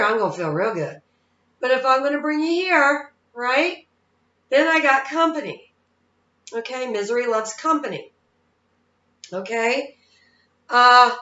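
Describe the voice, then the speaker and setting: A woman's voice: a little high, bright, forceful tone. Chatty psychic woman in an echoey room. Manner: chatty, folksy, keeps checking in with "okay?". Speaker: psychic medium. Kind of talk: casual spiritual advice talk. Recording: echoey room, dull lo-fi sound.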